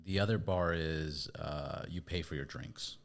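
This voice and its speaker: A man's voice: rumbling low, measured pace, vocal fry. A man, the podcast host, casually telling a story and acting out voices and sounds. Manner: lively, acts out quoted voices and sounds.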